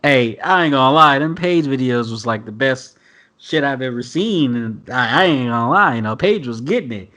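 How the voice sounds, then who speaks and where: An expressive man with a sharp tone and medium pitch talks at normal speed while hosting a casual video-call podcast. He reads an article aloud, reacting with blunt swearing and lots of laughter.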